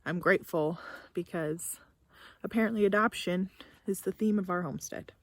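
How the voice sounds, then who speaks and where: A woman's voice: lowish voice, moderate pace, no echo. A young woman vlogging from her barn, talking casually to the camera and her cow, emotional and tearful at times. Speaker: homesteader vlogger. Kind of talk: casual vlog talk to camera.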